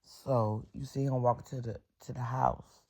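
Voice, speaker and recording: A woman's voice: a bass voice, steady tone, measured pace, dark tone. A middle-aged woman telling a casual storytime vlog story, blunt and full of profanity and sound-effect words.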